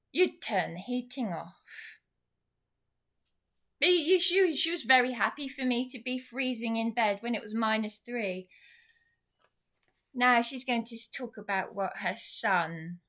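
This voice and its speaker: A woman's voice: mid-range voice, a bit bright. A woman in an indignant, rambling venting monologue to camera, sarcastic as she goes. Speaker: vlogger.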